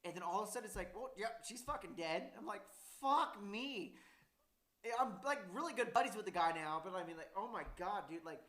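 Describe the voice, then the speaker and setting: A young man telling a story in casual chat, cursing a lot and rambling, getting louder and laughing as he gets worked up. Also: high voice, rapid-fire, few pauses, reverberant.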